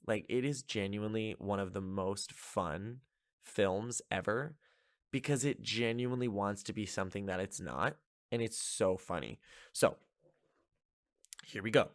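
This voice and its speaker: A man with a fairly low voice talks through a movie plot in a loose, chatty way, dropping "like" everywhere and sounding amused. The recording is dry and close, with no room sound. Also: no room sound. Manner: chatty, lots of filler "like", amused. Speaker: podcast host. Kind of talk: casual movie recap.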